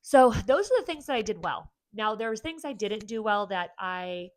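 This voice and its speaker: A woman's voice: medium pitch, big pitch swings, normal speed, no room sound. A woman in her forties giving candid, earnest advice in a casual vlog from home. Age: 40s. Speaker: vlogger and therapist.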